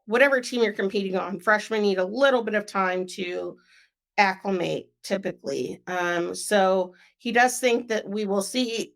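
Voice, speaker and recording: Slow-talking young woman podcaster. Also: medium pitch, creaky. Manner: chatty, frequent "um" and "like" fillers. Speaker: sports podcast co-host. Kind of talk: casual podcast chat.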